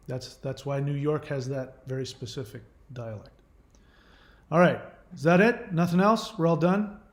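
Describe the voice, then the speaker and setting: A man talks casually to his viewers, wandering from point to point with fillers and quick corrections. His voice sits a little high. The room around him rings with a noticeable echo. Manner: rambling, trivia-filled, with many fillers and self-corrections. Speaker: channel host. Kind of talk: casual live-stream chat.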